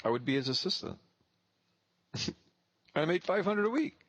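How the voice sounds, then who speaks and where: A man's voice: high-pitched, sing-song, a little slow, no room sound, muffled recording. A man in his thirties, a real estate investor telling a blunt, profane story and acting out both sides of the dialogue. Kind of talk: casual storytelling.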